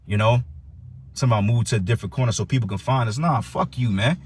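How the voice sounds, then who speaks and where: A man's voice: mid-range voice, fast, a little mellow, slight background noise. A man teaching for a religious camp, giving a heated, profane preaching rant that reads and explains scripture.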